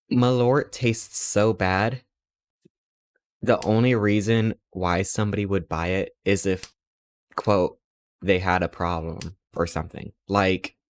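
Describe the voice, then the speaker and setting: Low-voiced man rambling playfully. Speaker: streamer. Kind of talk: casual chat while streaming.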